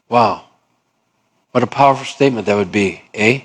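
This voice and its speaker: A man's voice: on the low side, normal speed, breathy edge. A male pastor preaching a sermon in a conversational way, acting out both sides of little dialogues.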